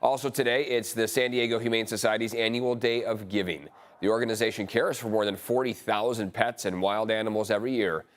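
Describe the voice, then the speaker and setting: Man, American accent, news anchor, measured delivery, lowish voice. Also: steady tone. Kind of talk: scripted news reading.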